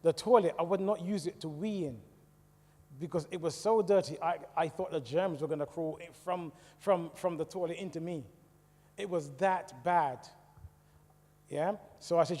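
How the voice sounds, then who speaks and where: A middle-aged man with a British English accent giving a personal testimony talk in a church, telling his story in a lively way and asking the audience questions. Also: a little high, moderate pace. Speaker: church speaker. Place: church hall. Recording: echoey church hall reverb.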